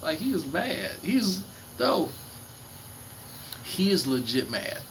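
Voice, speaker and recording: Guy on a night livestream reading chat, swearing and taunting some rival, crickets loud in the background. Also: high voice, very animated, slow, poor audio. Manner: mocking, profane, taunting. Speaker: livestream commentator. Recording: clear background noise with crickets.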